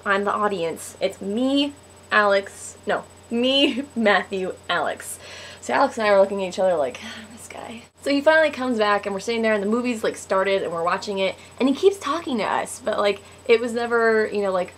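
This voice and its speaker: A woman's voice: mid-range voice, animated, normal speed, a little hiss or hum. A teenage girl telling a personal story to camera in a casual, giggly way, full of "like". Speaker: vlogger.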